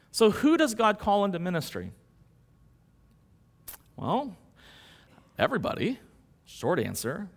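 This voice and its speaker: Man, pastor, lively conversational sermon, high voice. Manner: animated, conversational preaching with rhetorical questions.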